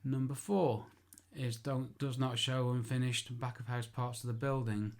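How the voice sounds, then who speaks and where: A man's voice: mid-range voice, steady tone, measured pace, a little mellow. A man who works as an architectural photographer, giving an informal spoken tutorial. He chats, makes self-deprecating asides and corrects himself aloud.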